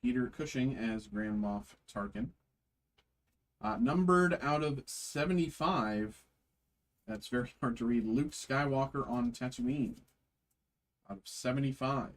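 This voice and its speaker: A man hosting a trading card break, reading card names aloud slowly with frequent fillers. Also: medium pitch, rough recording.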